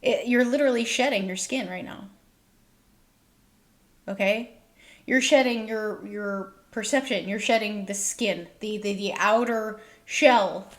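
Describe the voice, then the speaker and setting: A woman giving a tarot reading to her viewers, reassuring them and checking in with a frequent "okay?" as she explains the cards. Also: medium pitch. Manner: reassuring, repeats "okay?" often, acts out listeners' worried thoughts. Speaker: tarot reader.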